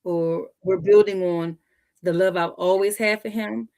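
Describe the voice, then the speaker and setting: Animated woman telling a family story. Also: fairly low pitch, unhurried. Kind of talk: casual storytelling.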